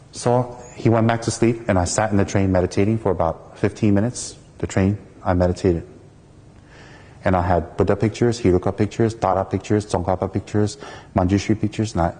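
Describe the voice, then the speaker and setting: Mellow low-voiced American man telling a story. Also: brisk, long reverb tail. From United States. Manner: lively storytelling, acts out the people in his story. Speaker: Buddhist teacher. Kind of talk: dharma talk with personal story.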